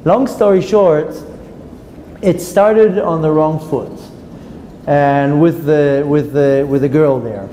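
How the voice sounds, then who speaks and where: A rabbi gives a class in an echoey hall, his fairly high voice mellow and soft-edged. He tells stories with lively restarts, and a faint hiss of room noise sits behind him. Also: takes it slowly. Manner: storytelling, animated, frequent restarts. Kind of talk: Torah class talk with anecdotes. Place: classroom at a women's institute.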